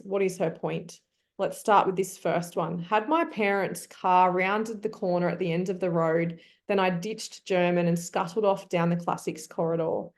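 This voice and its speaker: A woman's voice: on the low side, darkish tone. A woman teaching an online class, coaxing her students and thinking aloud with frequent ums.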